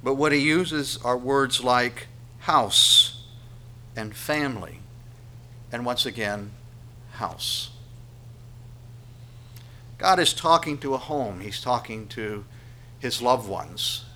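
A man preaching a sermon, swinging between loud emphatic lines and hushed ones. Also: medium pitch, animated, slow pace, pauses often, a little hiss or hum. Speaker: pastor.

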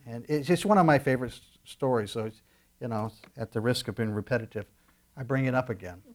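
Animated male pastor preaching. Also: mid-range voice, fast. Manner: animated preaching, swings from loud emphasis to quiet asides. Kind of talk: sermon.

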